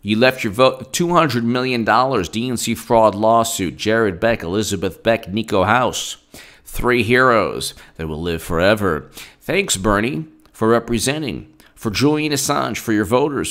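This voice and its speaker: A man's voice: fairly low pitch, lively intonation, a little slow, a bit bright. A man giving political commentary in a solo video, combative and rambling, with asides and quotes read from his phone.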